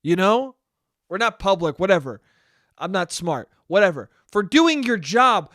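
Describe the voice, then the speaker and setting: A man's voice: sits high, sing-song, unhurried, fairly bright tone, no room sound. A man hosting a casual comedic podcast monologue, talking in a rambling, profane, self-deprecating way into a close mic. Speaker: podcast host.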